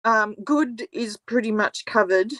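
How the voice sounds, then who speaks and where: A woman's voice: fairly high pitch, measured pace, a bit bright, no echo. A woman with an Australian accent, a guest on a live show, chatting in an easygoing way and laughing easily. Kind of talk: casual live-stream chat.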